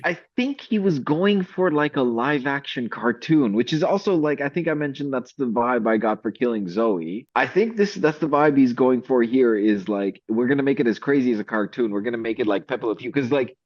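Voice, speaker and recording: A man co-hosting a casual movie review chat, animated and laughing, acting out scenes as he tells them. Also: mid-range voice, normal speed, hardly any pauses, dull audio. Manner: animated, laughing, acts out scenes with quoted voices. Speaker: co-host of a movie review show.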